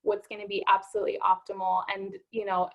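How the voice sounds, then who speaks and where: A woman's voice: medium pitch, monotone, quick pace, lo-fi sound. A woman naturopathic doctor hosting an interview, talking in an encouraging way and often stressing "absolutely". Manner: warm encouraging, emphatic with "absolutely". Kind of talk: conversational interview.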